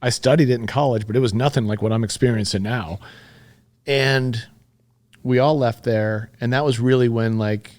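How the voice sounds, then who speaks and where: A middle-aged man tells a story on a podcast in a mid-range voice, neither deep nor high. He is candid and swears freely. He grows animated as he relives the moment. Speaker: podcast guest. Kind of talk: casual storytelling.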